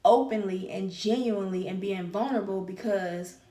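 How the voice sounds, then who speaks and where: A woman's voice: medium pitch, moderate pace, mellow, distant mic. A candid woman hosts a personal podcast monologue, emphatic and given to repeating her phrases. Her voice sits in the middle range. It sounds roomy and echoey, as if she is set back a little from the mic. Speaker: podcast host.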